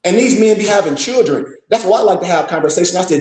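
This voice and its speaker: A man's voice: sits high, animated, fast talker, darkish tone, roomy sound. A man hosting a live discussion, lecturing in a blunt, profane, scolding way. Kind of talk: impassioned lecture-style talk.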